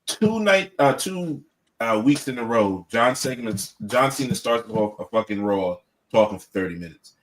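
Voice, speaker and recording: A man's voice: mid-range voice, lively intonation, moderate pace, a little hiss or hum. A man co-hosting a wrestling podcast, talking in a blunt, profane, casual way and often repeating himself. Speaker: podcast co-host.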